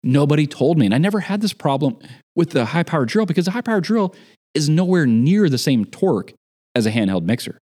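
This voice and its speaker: A man in casual chat, telling an animated story about a job gone wrong. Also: fairly high pitch, a little fast. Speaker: podcast guest.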